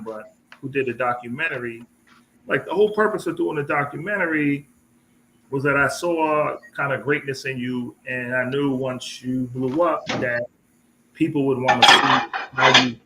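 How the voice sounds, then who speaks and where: A man's voice: medium pitch, normal speed, pushed and bright, slight background noise, poor audio. A man co-hosting a live online talk show, rambling casually and restarting his sentences often. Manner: rambling, full of restarts and fillers. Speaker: co-host. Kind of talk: casual live-stream chat.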